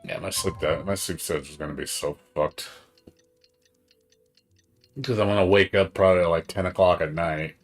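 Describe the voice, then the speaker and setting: Exhausted from being up all night, a man with a low voice chats loosely on a live game stream at normal speed, leaving long pauses between his excitable, profanity-laced rambling.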